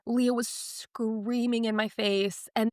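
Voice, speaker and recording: A woman's voice: fairly high pitch, takes it slowly, dry recording, clean studio sound. A young woman on a podcast, telling a personal story in a candid, emotional, confiding way. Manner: emotional, confiding, animated retelling. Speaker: podcast guest.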